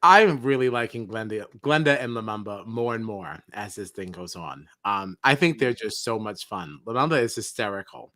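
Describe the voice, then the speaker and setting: A man co-hosting a reality TV podcast in casual chat, animated and laughing often. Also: on the low side, moderate pace, few pauses, dry recording, clean studio sound. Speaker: podcast co-host.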